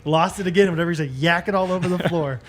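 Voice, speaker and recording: A young man co-hosting a podcast in casual chat, laughing often and telling animated stories. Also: a little high, very fast, a little hiss or hum. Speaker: podcast co-host.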